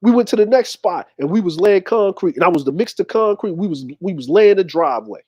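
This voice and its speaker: A man in his forties tells a story from his youth in an animated, conversational way. His voice is high for a man, and the sound is dry and close. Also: fairly quick, dry recording. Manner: animated, conversational retelling with quoted dialogue. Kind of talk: personal storytelling.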